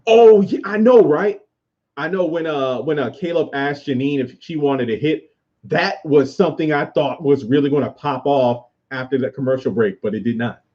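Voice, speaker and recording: A man's voice: medium pitch, normal speed, muffled recording. A man hosting a casual livestream, rambling as he answers viewers' comments aloud. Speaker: YouTube host reviewing a TV show.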